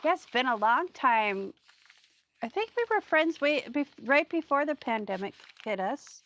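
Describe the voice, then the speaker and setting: Female craft host, slightly high voice, loose chatty live-stream delivery. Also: big pitch swings, unhurried, a bit bright. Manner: chatty and rambling, greets viewers while working. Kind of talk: casual live crafting chat.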